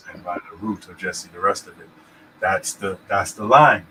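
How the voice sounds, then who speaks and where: A man's voice: on the low side, expressive, moderate pace, sharp tone, a little hiss or hum, poor audio. A man co-hosting a casual podcast about scripture, rambling and checking in with "you know what I'm saying". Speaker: podcast host.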